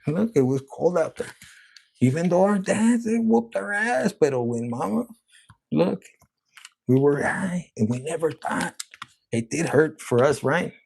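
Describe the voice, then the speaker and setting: A gravelly, husky man talks through a tarot reading in a loose, rambling way. He swears constantly and gets excited as the cards come up. His voice sits a little high for a man. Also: unhurried. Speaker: tarot reader.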